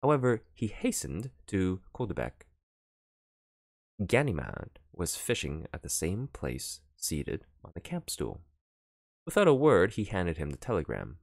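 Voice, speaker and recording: Deep-voiced guy reading an old novel out loud, lots of up and down, dry close mic. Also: huge pitch swings, measured pace, gravelly, no room sound. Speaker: narrator. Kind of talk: audiobook reading.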